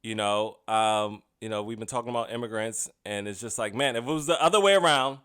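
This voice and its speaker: A man's voice: on the low side, fairly quick, fairly bright tone, smooth. A comedian and podcast host giving a casual comedic monologue. He is chatty and often laughs at his own jokes.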